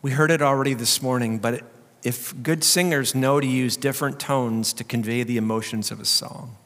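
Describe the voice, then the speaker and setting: A man pastor giving a sermon, swinging between loud, urgent preaching and quiet emphasis. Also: mid-range voice, normal speed. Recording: long hall reverb.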